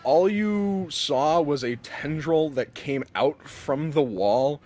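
Speaking slowly, this game master narrates a tabletop game in a lively, animated way. He switches into loud, high voices to play the townsfolk.

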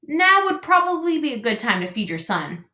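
A woman voicing a blunt, bossy old female goose in a storybook read-aloud, with a brisk, scolding manner. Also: sits high, very animated, sharp tone, voice pushed up, exaggerated voice. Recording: roomy echo.

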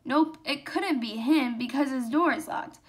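A woman's voice: sits high, measured pace. A young woman doing a sour suspicious girl.

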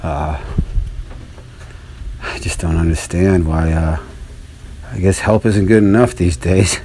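A man's voice: low-pitched, takes it slowly, mellow, husky. A man hosting his own radio show, telling a story in a rambling, profane, self-mocking monologue.

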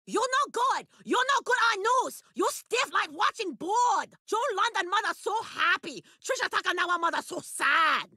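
A woman voicing a harsh, scolding middle-aged mother in a cartoon who shouts in broken English. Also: extremely high pitch, animated, normal speed, few pauses, dry recording, clean studio sound, heavily acted.

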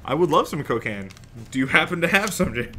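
Male co-host from North Carolina, playful banter, higher bright voice. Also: very animated, brisk, slight background noise. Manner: joking, laughs often, playful banter. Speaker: stream commentator. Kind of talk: casual chat between matches.

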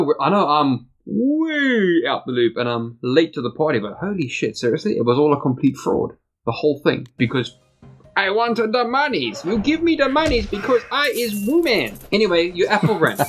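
A man's voice: medium pitch, gravelly, breathy edge. A man from the United Kingdom co-hosting a podcast, chatting casually in a rambling, joking way and swearing freely. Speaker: podcast co-host.

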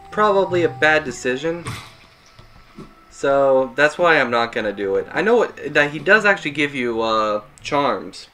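A man's voice: a little high, pushed and bright. A man giving casual, rambling gameplay commentary, self-mocking and chuckling at his mistakes. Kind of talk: casual let's-play commentary.

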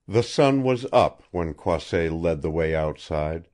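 A male audiobook narrator with a deep, low voice. He reads slowly and measuredly, while his intonation rises and falls a great deal. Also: expressive, a little mellow. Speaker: audiobook reader.

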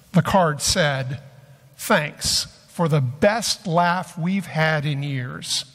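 A man pastor giving a sermon, telling a story in a slow, measured way. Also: fairly high pitch, fairly bright tone. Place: church sanctuary. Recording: long church hall reverb.

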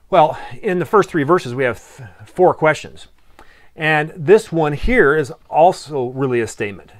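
A man preaching a sermon in a conversational way, asking rhetorical questions and reading scripture aloud slowly. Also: fairly high pitch, expressive. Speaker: pastor.

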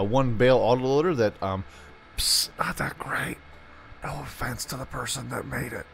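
A young man giving goofy, hyper commentary on his gameplay, jumping between loud yelps and mumbled asides. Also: mid-range voice. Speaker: gaming YouTuber. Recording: faint game music behind.

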